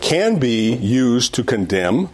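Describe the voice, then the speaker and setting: A man's voice: medium pitch, sing-song, takes it slowly, darkish tone. A middle-aged man teaching an adult Sunday school class in a conversational way, often restarting phrases and repeating his points.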